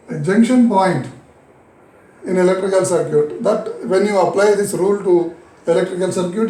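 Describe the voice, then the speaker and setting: A man with an Indian English accent teaching a physics lesson, repeating key phrases slowly and answering his own questions. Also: high voice, dark tone, roomy sound, rough recording. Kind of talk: recorded classroom lesson.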